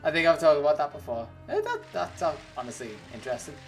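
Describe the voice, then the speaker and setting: A streamer talks loosely to their chat while playing, wandering from one thought to the next and breaking into laughter often. The voice sits at an ordinary middle pitch. Faint music plays underneath. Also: huge pitch swings, fast talker. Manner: rambling and chatty, laughs often. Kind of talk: casual livestream chat while gaming.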